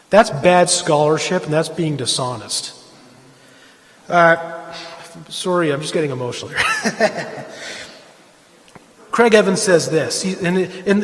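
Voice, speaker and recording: A man giving an impassioned, lecture-style talk at a church event, emphatic and pressing his points. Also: long reverb tail. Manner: emphatic, rises in pitch and volume when pressing a point. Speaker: speaker at a church Easter event. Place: church hall.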